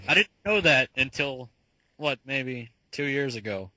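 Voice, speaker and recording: A man's voice: mid-range voice, lively intonation, measured pace, sharp tone, no room sound. A man co-hosting a podcast in crude casual chat, swearing, arguing and laughing often. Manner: profane, laughs often, argumentative. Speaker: podcast co-host.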